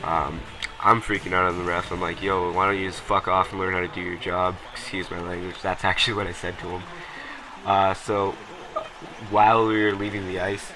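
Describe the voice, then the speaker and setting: A young man narrates his gameplay footage in a low yet bright, forceful voice, rambling loosely and padding pauses with ums and uhs. He's blunt and profane, and the rough recording carries a faint noise underneath.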